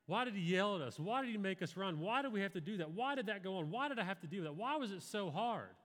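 A man's voice: sits high, expressive, fast talker, fairly bright tone, long reverb tail, voice pushed up. A man voicing his upset little daughter as she asks her father a string of pleading questions.

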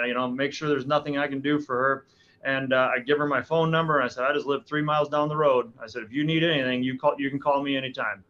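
A middle-aged man, a podcast guest, telling a story in a lively, animated way with quick restarts. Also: mid-range voice, lo-fi sound. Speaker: guest, hunting guide and speaker. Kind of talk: casual storytelling.

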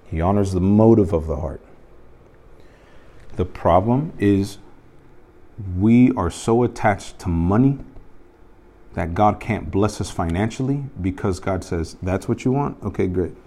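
A man's voice: low-pitched, animated, takes it slowly, long pauses, mellow. A man teaching a youth leadership group around a table, telling stories and asking the group direct questions. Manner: conversational storytelling with direct questions. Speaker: youth pastor. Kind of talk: informal teaching to a small group.

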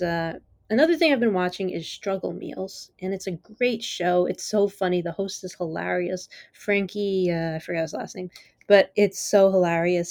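A woman hosts her own podcast and talks at length on her own, easily amused and eager. Her speech wanders, full of "like" and "you know." Her voice sits on the low side for a woman, and the sound is dry with no room echo. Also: a little mellow. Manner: rambling, lots of "like" and "you know". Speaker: podcast host. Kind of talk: casual solo chat.

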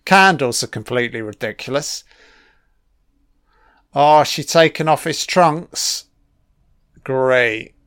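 A man's voice: medium pitch, slow pace, pauses often, a bit bright, clean tone, no echo. A man giving casual, sarcastic film commentary, swearing constantly and mocking what is on screen. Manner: sarcastic, heavily profane, mocking.

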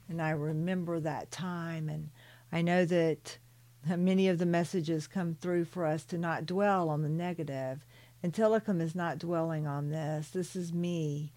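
An older woman reads her own spiritual story in a soothing voice, stopping for gentle personal asides to the listener. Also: lowish voice. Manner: slow and soothing, calls listeners "beloved". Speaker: author and spiritual channeler.

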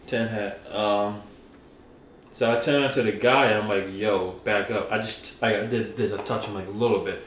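A young man casually telling a workplace story as a podcast co-host, acting out what people said in an animated way. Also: fairly low pitch, normal speed. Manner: animated storyteller, acts out quotes. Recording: roomy echo, faint background noise.

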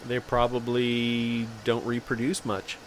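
A man co-hosting a podcast, calmly explaining and speculating in casual banter. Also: mid-range voice, takes it slowly, slight background noise. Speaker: podcast co-host.

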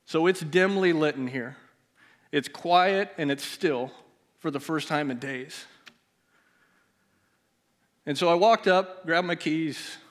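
Man preaching, soft hushed storytelling. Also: on the high side. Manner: personal storytelling, drops to a hush at emotional moments. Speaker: pastor. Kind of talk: sermon. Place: church sanctuary.

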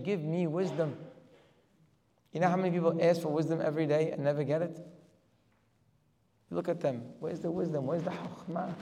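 A man's voice: fairly high pitch, creaky, breathy edge. Man lecturing with rhetorical force, hall reverb. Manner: rhetorical questions, rising to forceful emphasis. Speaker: Torah teacher. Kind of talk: religious lecture.

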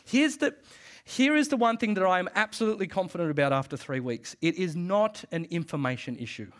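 A man's voice: high-pitched, lively intonation. Emphatic man preaching a sermon. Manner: emphatic, repeats phrases, quick laughs. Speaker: pastor.

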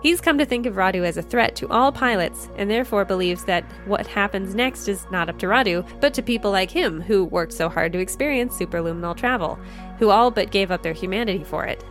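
A woman narrating a science fiction story in a steady, measured reading. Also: mid-range voice. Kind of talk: audiobook narration. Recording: faint music behind. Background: faint music.

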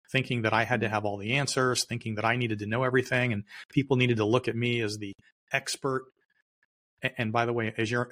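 Middle-aged guy on a podcast, lowish voice, punchy, keeps repeating himself for emphasis. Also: a bit bright. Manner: emphatic, repeats key phrases. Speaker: guest entrepreneur. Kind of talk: storytelling interview answer.

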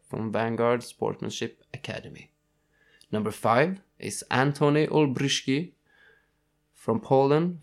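A young man co-hosting a casual podcast, reading ranking lists and tripping over foreign names. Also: medium pitch. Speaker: podcast co-host.

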